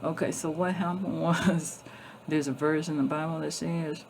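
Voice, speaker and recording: A woman vlogger tells a story in a blunt, emphatic way, swearing constantly and circling back over her words. Her voice has a gravelly fry to it. There is a faint hiss under the recording. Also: low-pitched, steady tone, moderate pace. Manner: repeats and restarts often. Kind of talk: casual storytelling.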